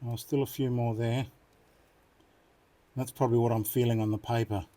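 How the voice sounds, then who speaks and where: A man's voice: medium pitch, flat delivery, moderate pace, warm tone. A man hosting a knife sharpening video, chatting casually and muttering to himself as he works. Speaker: knife sharpening channel host. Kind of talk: casual hands-on demonstration.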